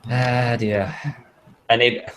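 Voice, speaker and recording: A man's voice: mid-range voice, little pitch movement, extremely slow, a bit bright, a little hiss or hum. A man hosting a casual live stream, talking in a laid-back, apologetic way. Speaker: channel host.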